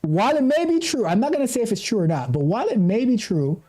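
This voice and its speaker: Male streamer, middle-aged, passionate rants, lively pitch, mellow tone. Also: fast talker, few pauses. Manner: passionate, ranting, self-interrupting. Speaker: tech coach and livestream host. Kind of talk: casual livestream chat.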